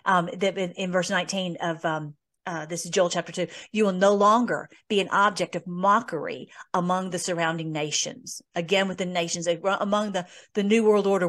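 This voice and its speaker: A woman's voice: fairly low pitch, fairly even intonation, normal speed, hardly any pauses, a bit bright. A woman hosting a conversational Bible teaching, reading scripture aloud and commenting earnestly with many fillers. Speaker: host.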